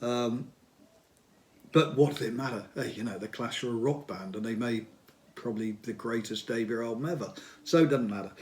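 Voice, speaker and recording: A man in his sixties talking casually as he leafs through old magazines. He reminisces in a chatty, unscripted way, hesitating on ums and uhs. His voice sits at an ordinary middle pitch for a man. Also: a little mellow. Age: 60s. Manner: chatty and reminiscing, pauses on fillers, gets enthusiastic. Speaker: host looking through old music magazines. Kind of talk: casual spoken commentary.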